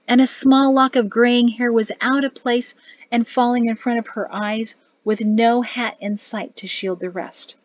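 A woman narrating an audiobook in a measured storytelling voice. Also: fairly high pitch, no room sound, highs cut off. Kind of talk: scripted narration.

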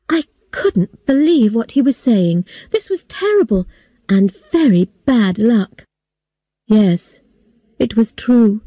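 Slow mellow woman storyteller. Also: fairly high pitch, dry recording, muffled recording. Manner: slow, clear, even storytelling. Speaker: story reader. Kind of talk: slow scripted narration for English learners.

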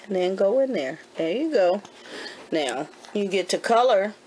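A woman in her forties, a homeschooling mother, gently coaching her kindergartner through a handwriting lesson at home and repeating each step patiently. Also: mid-range voice, animated, unhurried, slight background noise. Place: at home indoors.

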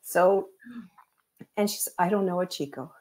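A woman's voice: fairly low pitch, moderate pace, a little mellow. A woman, a psychic medium guest, chatting casually and telling stories with acted-out quotes. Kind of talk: casual storytelling chat.

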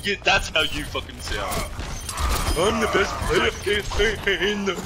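A man putting on a whining, stammering voice to mock a boastful teammate, with loud game music behind. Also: sits high, big pitch swings, measured pace, heavy background noise, voice pushed up. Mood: whiny mockery. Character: whiny boastful male teammate, self-pitying.

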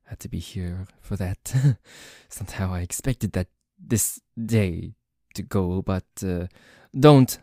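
A man's voice: low-pitched, slow, hardly any pauses, warm tone, no echo, studio quality. A man voicing a protective young French nobleman with a put-on French accent, commanding toward a rival and tender toward his partner, in an audio role-play. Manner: indignant, commanding, then tender. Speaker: voice actor.

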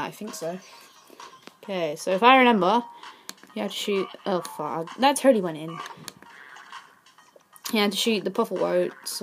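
With a fairly low-pitched voice, this gaming channel host narrates her let's play and frustrates easily. She blurts exclamations and curses at the screen before saying sorry.

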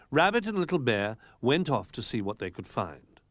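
A man reading a children's storybook aloud in an animated, expressive way. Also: medium pitch, moderate pace, hardly any pauses, faint music behind. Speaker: narrator.

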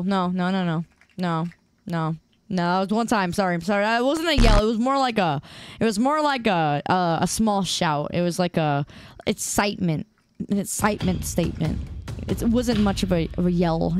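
A woman in her twenties chatting casually with viewers on a livestream, rambling in a playfully defensive way with halting restarts. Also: on the low side, clear, resonant tone, no room sound. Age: 20s. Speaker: streamer.

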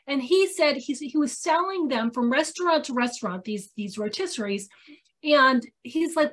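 High-pitched woman chatting, animated, acts out what people said. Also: moderate pace. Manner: animated storyteller, acts out quoted speech. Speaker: co-presenter. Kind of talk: casual storytelling talk.

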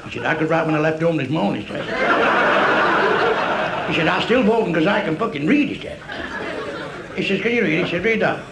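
A man's voice: fairly high pitch, animated, brisk, gravelly, long pauses, a loud crowd, very noisy. A man with a Mancunian accent doing a crude stand-up comedy routine, chuckling at his own punchlines.

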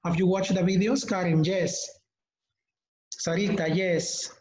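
A man hosting a live online teacher-training webinar, speaking slowly and deliberately, repeating words and calling on participants by name. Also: high-pitched, steady tone, a little mellow. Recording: echoey, slightly muffled webinar audio.

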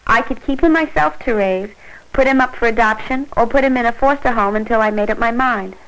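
Lucy, a frightened pregnant teen. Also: female voice, on the high side, brisk, a bit bright, low-quality recording. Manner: plain, earnest confiding narration. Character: pregnant teenage girl, scared and remorseful. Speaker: first-person narrator. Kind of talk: narration in an old educational film.

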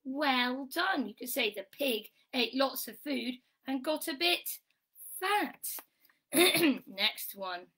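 A woman teaching a children's phonics lesson, praising warmly and sounding out letters slowly and clearly. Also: sits high, animated. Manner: bright, encouraging, sing-song praise.

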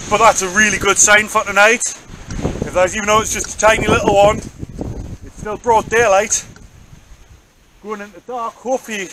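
A man with a high voice talks in a jokey, chatty way, as if filming himself out on an open beach. Loud wind batters the mic over his talk. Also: flat delivery, moderate pace, pauses often. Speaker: angler vlogger. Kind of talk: casual outdoor vlog commentary. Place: open beach on a windy evening.

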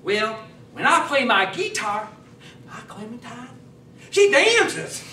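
A man putting on a high-pitched folksy rural guy. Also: very animated, bright, forceful tone, slight background noise, exaggerated voice. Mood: folksy proud. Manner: slow, folksy, exclaiming. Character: folksy rural man in overalls, eager and dim. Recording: echoey hall, mic at a distance.

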